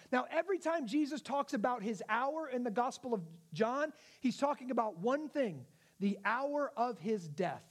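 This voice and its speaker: Guy pastor w/ a really high voice, chatty sermon, keeps asking "right?". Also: expressive, moderate pace, slightly rough. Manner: conversational, asks the audience questions.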